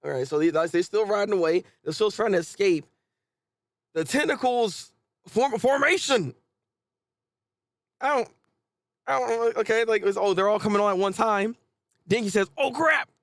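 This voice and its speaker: A man hosting a casual live manga reaction, chatty and animated, often restarting his sentences. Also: high voice, normal speed, long pauses, no room sound.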